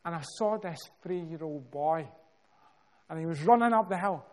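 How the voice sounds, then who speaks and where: A Scottish man preaching a sermon, telling a story with measured, dramatic pauses and building emphasis. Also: fairly high pitch, warm tone.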